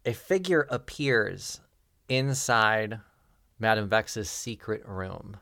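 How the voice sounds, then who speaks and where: Game master, male, slow deliberate narration, dry close sound. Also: fairly low pitch, animated, vocal fry, bright, forceful tone, dry recording. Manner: unhurried narration, chuckling often.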